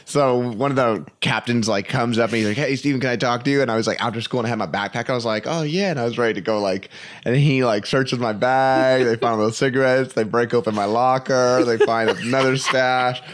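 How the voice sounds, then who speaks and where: A man's voice: mid-range voice, steady tone, fairly quick. A young adult man, a comedian guest, telling stories in a casual, rambling way full of fillers. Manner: rambling, lots of "like" and "you know". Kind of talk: casual storytelling.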